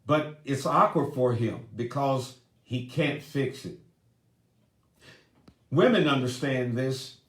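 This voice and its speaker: A man's voice: mid-range voice, a bit bright. A man giving an earnest talk on men and grief, speaking directly to his listeners. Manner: earnest, deliberate, addresses audience directly. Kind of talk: seminar talk. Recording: roomy echoey room.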